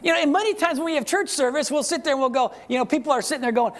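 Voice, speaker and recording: A man's voice: extremely high pitch, a bit bright. Man preaching a call-and-response sermon. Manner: preaching, rhetorical questions to the congregation; emphatic, slows down to read scripture aloud. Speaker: pastor. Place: church service with congregation.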